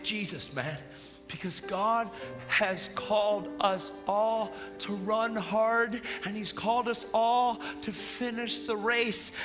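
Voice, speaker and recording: Excitable male preacher, high voice, slangy, church hall reverb, music behind. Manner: excitable, retells a movie with gusto, slangy (man, dude). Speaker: guest preacher. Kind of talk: sermon. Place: church hall with live audience.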